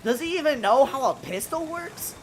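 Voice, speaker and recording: Animated ranting young woman streamer. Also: sits high, moderate pace, soft background music. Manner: ranting, profane, animated, says "bro" often. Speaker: game streamer. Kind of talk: casual live-stream commentary while gaming.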